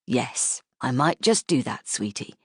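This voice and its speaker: A woman voicing a playful father who puts on a slow, growling monster voice for his daughters. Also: rumbling low, very animated, husky, no room sound, clean studio sound, pitched below the performer's own voice, full character voice. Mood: gentle.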